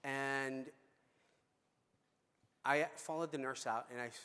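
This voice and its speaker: A man's voice: mid-range voice, fairly even intonation, slow, sharp tone, clean tone. Man telling stories in a reverberant hall. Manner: storytelling, conversational with fillers and restarts. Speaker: conference speaker. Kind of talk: conference keynote talk. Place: large conference hall.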